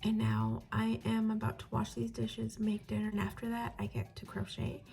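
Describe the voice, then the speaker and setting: A woman's voice: a little high, big pitch swings, moderate pace, vocal fry, warm tone, faint music behind. A woman chatting casually in her home kitchen while she vlogs about crochet, with giggles and self-mocking asides. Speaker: crochet vlogger. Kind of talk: casual vlog chat.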